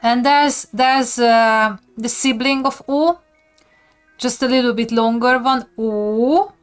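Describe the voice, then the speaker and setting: A woman's voice: a little high, slow pace, faint music behind. A woman with a Hungarian accent, casually chatting on a live stream as she teaches viewers basic words and often giggles. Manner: giggly, reads and answers chat. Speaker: livestreamer teaching language basics.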